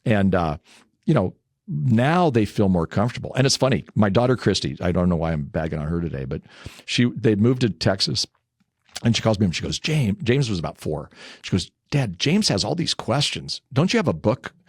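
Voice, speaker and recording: Low-voiced older man telling family stories. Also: lively intonation, fairly quick, no room sound, studio quality. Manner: chatty, anecdotal, laughs while telling stories. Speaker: guest. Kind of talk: casual interview storytelling.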